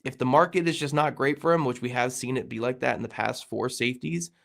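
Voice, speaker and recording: A man's voice: mid-range voice, fast talker, a bit bright. A man hosting a sports podcast, talking casually with a nasal, congested voice from a cold. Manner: gravelly, conversational with frequent fillers. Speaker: podcast host.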